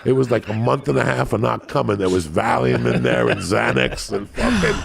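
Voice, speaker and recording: A man telling crude, profane comic stories on a podcast in a rambling, raucous way, with a gravelly, raspy voice. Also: medium pitch, sing-song, a little fast, a crowd in the background. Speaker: podcast guest.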